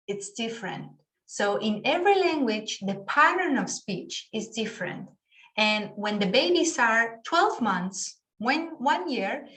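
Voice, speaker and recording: A woman's voice: a little high, a bit bright. A woman whose first language is Spanish, teaching an online class over a video call and patiently explaining with spoken examples.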